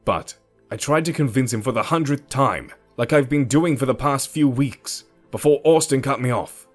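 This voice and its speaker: A man narrating a first-person romance story in an expressive storytelling manner. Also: medium pitch, moderate pace. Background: faint music.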